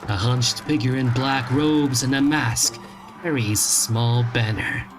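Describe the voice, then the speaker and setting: A man streaming a game, reading its text aloud in a dry, deadpan way with wry asides. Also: mid-range voice, unhurried. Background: game music.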